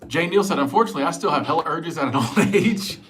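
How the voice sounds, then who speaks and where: A middle-aged man hosts a casual livestream from home on a small clip-on wireless mic, his voice fairly high, animated, quick and a bit bright, with a little hiss or hum. He reads viewer comments aloud, laughs often, and stumbles over repeated words.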